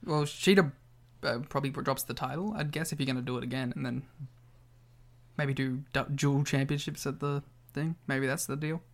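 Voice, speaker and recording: A man's voice: mid-range voice, steady tone, moderate pace. A young man co-hosting a casual podcast, playful and enthusiastic as he chats. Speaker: podcast co-host. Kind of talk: casual chat.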